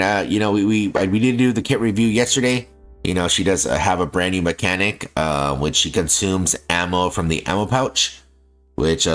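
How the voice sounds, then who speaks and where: Man, extremely low bassy voice, lively swings in pitch, rambling streamer chat, faint game music behind. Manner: rambling, filler-heavy, restarts often, laughs easily. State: feels like coughing. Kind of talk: casual live-stream chat while gaming.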